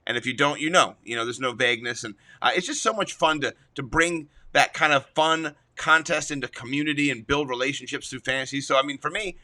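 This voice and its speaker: A man's voice: mid-range voice, a little fast, hardly any pauses, sharp tone. A man co-hosting a casual fantasy football podcast, telling stories in an enthusiastic, jokey way. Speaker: podcast co-host. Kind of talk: casual sports chat.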